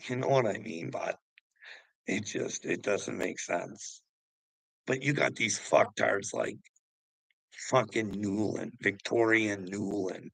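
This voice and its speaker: A man's voice: on the low side, gravelly, pushed and bright, no echo, low-quality recording. A man ranting casually, swearing often and rambling between thoughts. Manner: profane, rambling, laughs often. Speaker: host.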